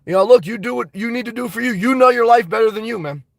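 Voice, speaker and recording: Guy going live, loud and blunt, swears a lot, kinda high voice, dry close sound. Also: fast, vocal fry, dry recording. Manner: boisterous, blunt and profane. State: slightly congested. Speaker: vlogger reading live chat. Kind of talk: casual live-stream chat.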